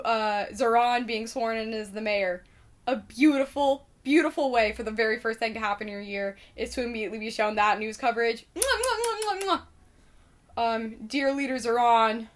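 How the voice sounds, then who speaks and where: A young woman from Indiana chatting casually to camera in a rambling, sweary way, full of fillers and sudden loud outbursts. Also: a little high. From Indiana, United States. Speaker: vlogger.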